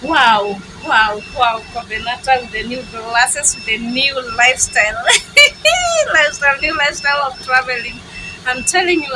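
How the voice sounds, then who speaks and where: A woman vlogging on a handheld phone at a railway station and on board a train. She gushes with excitement and repeats herself often. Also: sits high, normal speed. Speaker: travel vlogger. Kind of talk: casual vlog narration. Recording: noisy phone recording on the move.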